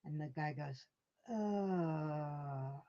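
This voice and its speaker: A woman's voice: lowish voice, measured pace, a little mellow. A woman hosting a casual live stream from home, rambling through stories and answering her chat with chuckles. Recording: dull lo-fi stream audio.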